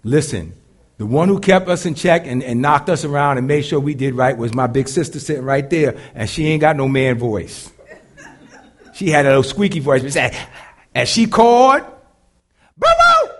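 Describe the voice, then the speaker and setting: A man with a deep voice preaching a sermon to a live congregation, moving between loud and hushed delivery. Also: moderate pace. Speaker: pastor.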